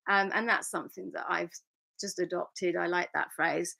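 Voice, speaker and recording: Reading viewer comments aloud during a live fan Q&A, this middle-aged actress chats openly and laughs a lot. She speaks at a moderate pace in a lowish, creaky voice that is bright and forceful, with fairly even intonation.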